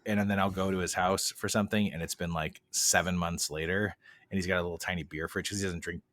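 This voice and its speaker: A man with a lowish voice chats casually on a beer podcast, rambling and joking, and he often restarts his sentences. The sound is very dry, with no room to it. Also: fairly even intonation, fast talker, a bit bright, no echo. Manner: rambling, jokey, many fillers and restarts. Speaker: podcast co-host. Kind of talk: casual chat.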